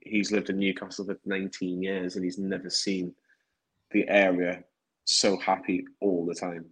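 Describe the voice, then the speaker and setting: Brief: male podcast co-host, enthusiastic and teasing; low, husky voice. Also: a bit bright, poor audio. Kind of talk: casual chat.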